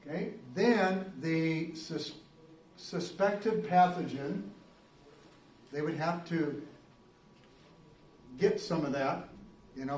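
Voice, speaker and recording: A man's voice: fairly high pitch, a little mellow, slight background noise. A male biology teacher giving a casual, rambling classroom lecture, full of fillers and restarts. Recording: roomy classroom, recorded from a distance.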